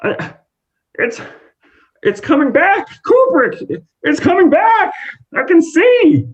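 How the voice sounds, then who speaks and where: Brief: man putting on a young man's high, excited voice, breathless relief, muffled recording. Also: normal speed, gravelly, full character voice. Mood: overjoyed. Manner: breathless, overjoyed exclaiming.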